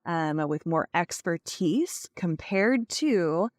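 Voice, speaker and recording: Podcast host, woman, lowish voice, coaching delivery, dry close sound. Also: animated, slow, a little mellow, dry recording. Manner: coaching tone, asks listeners to check understanding; uses many "like" fillers. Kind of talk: solo podcast teaching.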